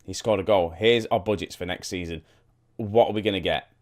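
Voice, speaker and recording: A man's voice: deep voice, fairly quick. A young man casually commenting on his football management game, thinking aloud and talking straight to his viewers. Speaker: gaming YouTuber. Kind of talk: casual let's-play commentary.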